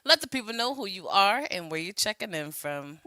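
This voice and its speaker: A woman's voice: mid-range voice, big pitch swings, brisk, sharp tone, dry recording. A woman co-hosting a casual podcast chat with an upbeat, playful manner and a New York area accent. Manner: upbeat, playful, laughs often. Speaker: co-host.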